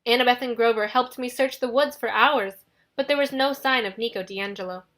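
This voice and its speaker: A woman reads a first-person audiobook with steady, dramatic storytelling. Her voice is fairly high and bright, with a forceful edge. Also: fairly quick. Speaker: audiobook narrator.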